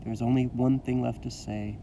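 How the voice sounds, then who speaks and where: A man's voice: mid-range voice, flat delivery, brisk, creaky, warm tone, slight background noise, lightly acted, low-quality recording. A man voicing a stern middle-aged female teacher in a read-aloud story, clipped and firm.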